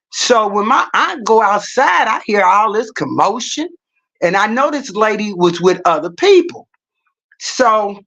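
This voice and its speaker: A woman's voice: a little high, fairly bright tone. Blunt, profane middle-aged woman streamer. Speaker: livestreamer. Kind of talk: casual storytelling rant.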